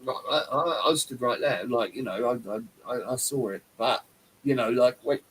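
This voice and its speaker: A man's voice: mid-range voice, normal speed, a bit bright, slightly rough, rough recording. A man hosting a casual live-stream chat, rambling and effusive, with lots of fillers and restarts. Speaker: host.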